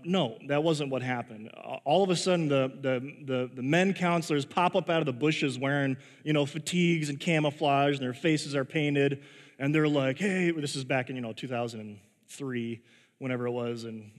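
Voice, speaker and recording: A man preaching a sermon in a casual, storytelling way, full of halting restarts and chuckles at his own story. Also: medium pitch, fairly even intonation. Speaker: pastor. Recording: long reverb of a large hall.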